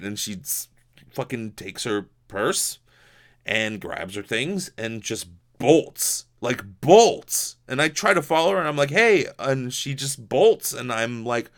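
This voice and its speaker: A man's voice: mid-range voice, animated, slow, a bit bright. A young man from Hawaii hosting a podcast, telling a story in a rambling, profane casual monologue full of restarts and fillers. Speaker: podcast host.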